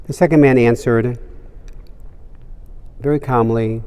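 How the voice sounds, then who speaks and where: Priest preaching in a reverberant cathedral. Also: male voice, mid-range voice, measured pace, a little mellow. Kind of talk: homily with a joke.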